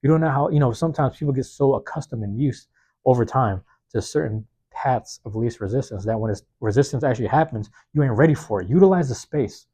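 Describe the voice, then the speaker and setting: A slightly hoarse man hosting his own podcast, talking alone in a casual, slangy way and repeating key phrases for emphasis, recorded with a phone microphone in a small university room. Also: mid-range voice, animated, fairly quick, warm tone. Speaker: podcast host. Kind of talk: solo motivational monologue. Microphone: plug-in microphone on a phone.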